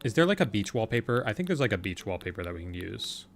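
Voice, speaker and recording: A man's voice: fairly low pitch, very animated, quick pace, faint music behind. A man casually commenting on his gameplay, thinking aloud in a chatty, playful way and answering his chat. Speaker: game streamer.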